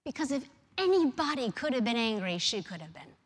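A woman preaching a sermon, moving from hushed, near-whispered lines to loud, animated storytelling. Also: fairly high pitch, brisk, hardly any pauses, breathy edge. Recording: long reverb of a large hall.

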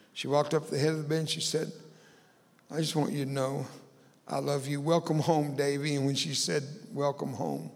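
A man's voice: medium pitch, in a large hall. A man telling a personal story as a guest speaker in a church, acting out voices with humorous asides. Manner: dramatic storyteller, acts out dialogue, humorous asides. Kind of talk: storytelling sermon.

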